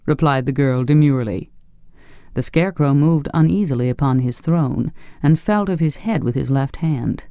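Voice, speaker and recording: Male narrator, storybook reading, steady, warm dark tone, dry recording. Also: mid-range voice, normal speed, clear, resonant tone, dry recording. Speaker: audiobook narrator. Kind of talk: scripted narration.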